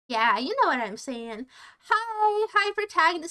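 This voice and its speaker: A woman's voice: sits high, very animated, slow, sharp tone. A woman streamer chatting casually on a livestream, rambling playfully and often restarting her sentences.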